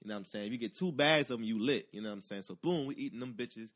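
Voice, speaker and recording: A man telling a long personal story in casual chat, animated and profane, acting out the voices of the people in it. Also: mid-range voice, very fast.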